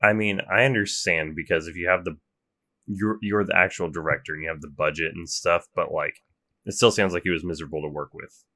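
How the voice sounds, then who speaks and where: A man's voice: deep voice, steady tone, brisk, pushed and bright. A young man co-hosting a podcast in casual chat, talkative, often trailing off and restarting his sentences. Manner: chatty, trails off and restarts, self-described gamer. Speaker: podcast co-host.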